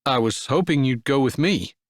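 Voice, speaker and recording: A man's voice: mid-range voice, animated, normal speed, dry recording, studio quality, close to an everyday voice. A man playing a shy, awkward young cowboy.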